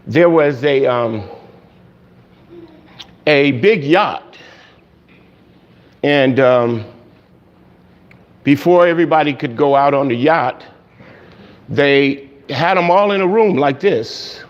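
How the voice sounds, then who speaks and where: A man preaching a sermon, telling a story and acting out the voices of its people, growing loud and high at its peaks. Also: takes it slowly, long pauses. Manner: storytelling, acts out quoted voices, rising loud and high at climaxes. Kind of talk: sermon illustration. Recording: dull lo-fi sound.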